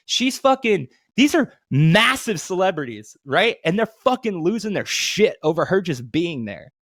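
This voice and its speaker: Man, podcast co-host, rambling profane chat, lively pitch, dry close mic. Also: normal speed, dry recording. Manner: profane, rambling, animated storytelling. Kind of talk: casual chat.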